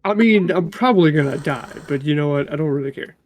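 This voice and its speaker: A man's voice: on the high side, fast talker, slight background noise. A man playing a tabletop game, talking through his rolls in a matter-of-fact, casual way. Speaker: player.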